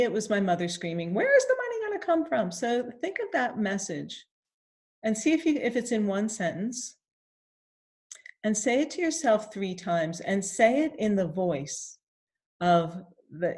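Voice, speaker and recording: Soft-spoken, a woman takes listeners through tapping, repeating statements in the first person. She pauses along the way for sighs and deep breaths.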